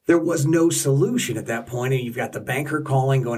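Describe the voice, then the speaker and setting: Husky man slightly off-mic. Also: medium pitch, darkish tone, recorded from a distance. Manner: earnest, halting, restarts mid-sentence. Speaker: podcast co-host. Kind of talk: casual storytelling chat.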